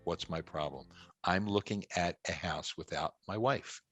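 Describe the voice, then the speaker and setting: A middle-aged man with a very low, deep voice tells a personal story on a casual podcast. He is an animated raconteur who repeats his punchlines for effect. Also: measured pace, no room sound, soft background music. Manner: lively anecdotal storyteller, repeats phrases for effect. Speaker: winery owner and guest.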